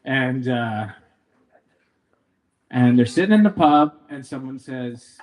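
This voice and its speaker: A man's voice: medium pitch, expressive, slow, pauses often, darkish tone. A young man, a son from Canada, giving a eulogy at a memorial gathering, telling stories about his father in a playful, joking and emotional way. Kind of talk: memorial speech with storytelling.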